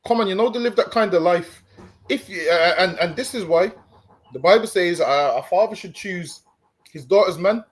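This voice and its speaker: This street preacher co-host has a high voice and talks at a moderate pace during a stream discussion. His lecturing is full of stumbles over repeated words, and "listen, man" comes up often.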